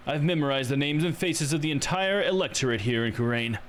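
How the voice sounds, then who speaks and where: A man's voice: fairly high pitch, brisk, fairly bright tone, slight background noise, voice pushed up, close to an everyday voice. A man voicing a pompous, self-important male politician, grandiose and condescending. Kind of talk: reading game dialogue on a livestream.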